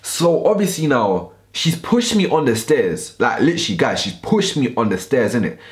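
A man's voice: mid-range voice, big pitch swings, moderate pace. A young man telling a storytime vlog in heavy slang, acting out the voices in his story. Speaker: YouTuber.

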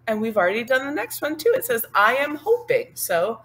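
A woman's voice: on the high side, very animated, a bit bright, slight background noise. A woman patiently teaching sign language one sign at a time, talking through each hand movement. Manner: patient, explaining each sign slowly and then singing the line. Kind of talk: step-by-step sign language lesson with sung lines.

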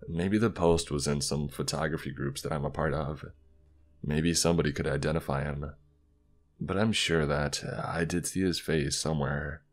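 A man narrating a scripted horror story in a slow, deliberate, somber way. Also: a bass voice. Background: faint background music.

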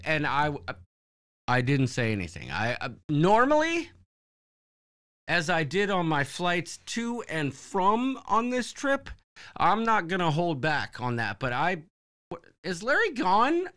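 A man tells a rambling story on a live show. His voice is bright, smooth and clear. He swings his pitch widely as he acts out what others said. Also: takes it slowly. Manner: rambling, animated storyteller who acts out quotes. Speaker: podcast co-host. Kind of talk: casual live-stream storytelling.

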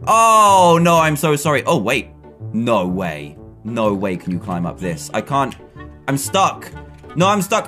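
A man giving excitable gameplay commentary, laughing often and bursting into shouts as he plays. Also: mid-range voice, a little slow, faint music behind. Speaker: gaming commentator.

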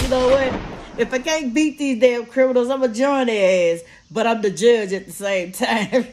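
A woman vlogger who drives a party bus, giving casual commentary full of swearing and laughter, imitating gunfire as she talks. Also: mid-range voice. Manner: animated, swears a lot, laughs often, mimics gunfire. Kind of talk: casual profane commentary on a news story. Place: sitting and resting after work.

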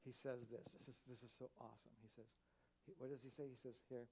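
A man preaching a sermon as pastor in a church, animated, swinging between loud emphatic bursts and quiet asides. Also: medium pitch, brisk.

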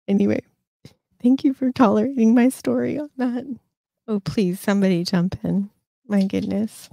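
A woman's voice: medium pitch, a little slow, creaky, long pauses, mellow, dry recording, studio quality. A woman in her fifties hosting a casual livestream, telling stories with lots of fillers and restarts. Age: 50s. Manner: rambling storyteller, many fillers and restarts. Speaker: host.

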